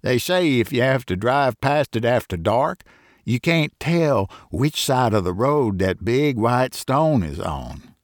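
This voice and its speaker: A man voicing a talkative rustic country farmer with a folksy backwoods dialect, excitable and superstitious. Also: mid-range voice, unhurried, no room sound, studio quality. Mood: excited.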